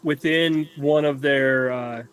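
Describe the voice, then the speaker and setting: A male game master narrates a tabletop game at a slow, unhurried pace. His voice sits fairly high for a man. He stops often to search for words. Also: fairly even intonation, fairly bright tone, a little hiss or hum.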